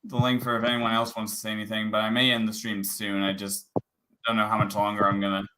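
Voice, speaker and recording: A man's voice: lowish voice, monotone, quick pace, bright, forceful tone, slight background noise, poor audio. A man hosting a livestream panel, talking casually and rambling with many restarts. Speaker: livestream host.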